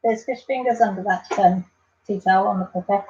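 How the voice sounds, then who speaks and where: A woman's voice: medium pitch, a little fast, highs cut off, background noise. An English woman hosting a casual live stream, chatting and reading out viewer comments in a rambling, affectionate way.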